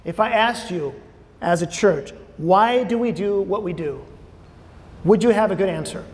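A man's voice: sits high, unhurried. A man giving a conversational sermon to a church audience, repeating key phrases and putting questions to the room. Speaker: preacher. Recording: long hall reverb.

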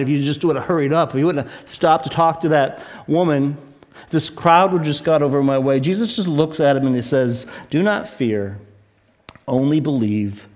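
A man preaching a sermon, retelling a story with animated, acted-out voices. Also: fairly high pitch. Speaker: pastor.

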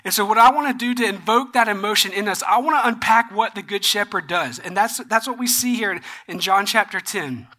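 Bright-voiced pastor telling a story. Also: mid-range voice, fairly quick, hardly any pauses. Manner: animated storyteller, slangy asides and self-laughing. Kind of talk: sermon with retold Bible story.

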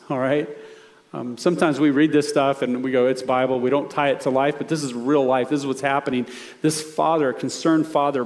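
Male pastor, slightly higher voice, casual conversational sermon, softening for appeals. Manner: conversational preaching, dropping soft and low for appeals.

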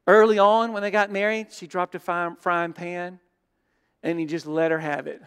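A man preaching a sermon as pastor, telling stories and dropping from loud to hushed. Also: high voice, level tone, normal speed, clear, resonant tone. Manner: storytelling, shifts between loud and hushed. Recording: long hall reverb.

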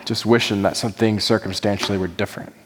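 A man's voice: lowish voice, fairly even intonation, fast talker, background noise. A man preaching as a pastor, earnest and pleading, his voice rising in heartfelt prayerful passages. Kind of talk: sermon. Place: church sanctuary. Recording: hall reverb.

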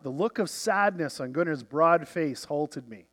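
A man narrating a novel in the first person, measured and reflective, letting lines fade softly. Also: fairly high pitch, lively intonation. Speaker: audiobook narrator.

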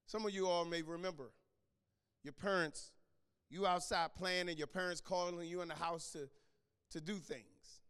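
A man with a high voice preaches a sermon in a church sanctuary. He repeats and restarts his phrases and calls out congregants by name, building to shouts. Long reverb trails off the hall around him. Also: steady tone, normal speed, clear, resonant tone. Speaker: pastor.

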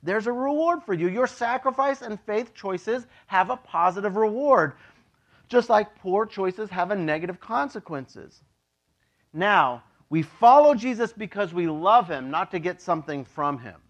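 A man preaching a casual, joking sermon as a pastor, chatty and animated, acting out voices in his stories. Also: high voice, a little slow. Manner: chatty, with many "like" and "you know".

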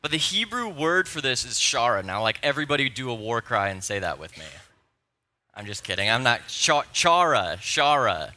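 Bright, playful man preaching. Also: mid-range voice, brisk. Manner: playful, excitable, self-deprecating, nerdy enthusiasm. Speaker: pastor. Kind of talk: sermon. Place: church sanctuary.

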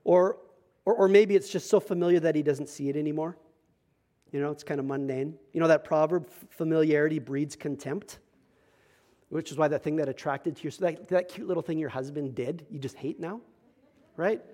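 A young adult male pastor preaching a sermon, telling a personal story and swinging from hushed asides to loud emphatic passages. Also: fairly high pitch, steady tone, fairly quick.

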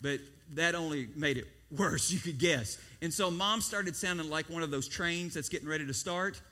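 A man's voice: fairly high pitch, moderate pace, pushed and bright. A man in his thirties preaching a sermon, telling a childhood story with acted-out quotes and questions to the congregation. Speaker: pastor.

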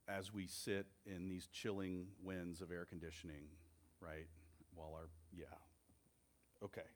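Male pastor, slow and measured sermon delivery, earnest. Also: deep voice, little pitch movement.

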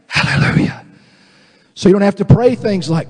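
A man with a Southern US accent preaches in a husky, fairly high voice. He acts out the voices of doubters and slows right down for emphatic lines. His voice rings with the long reverb of a large church sanctuary. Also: animated, darkish tone. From American South. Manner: preaching with acted-out voices, dramatic drops and slow emphatic lines. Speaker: pastor. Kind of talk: sermon.

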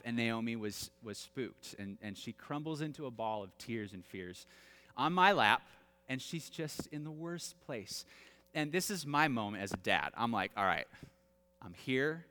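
A man in his thirties, a pastor telling humorous family stories in an animated, self-deprecating sermon, with long hall reverb. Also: medium pitch, normal speed, smooth. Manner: animated, self-deprecating, with laughs and acted-out quotes. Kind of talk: storytelling sermon.

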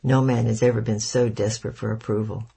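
A knowing, frank family friend, read by a man in an audiobook, making blunt, matter-of-fact remarks. The voice is gravelly and very husky. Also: lowish voice, little pitch movement, brisk, dark tone, heavily acted.

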